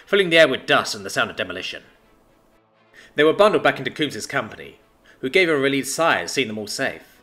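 A man's voice: mid-range voice, sharp tone. A man narrating a sci-fi story in a dramatic, scripted storytelling style.

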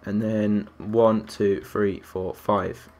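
A young man with a lowish, darkish voice delivers live gameplay commentary in a flat manner and at an extremely slow pace. He counts out loud and reacts to viewers and other players on the stream.

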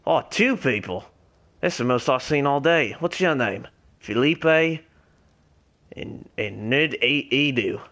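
A young man in a put-on Australian accent rambles through a game session in character, cursing freely and hollering greetings at strangers. His voice sits at an ordinary middle pitch for a man. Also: lively intonation, slow. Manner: rambling, swears a lot, calls out loudly to other players. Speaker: streamer playing as a character. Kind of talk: in-character game role-play stream.

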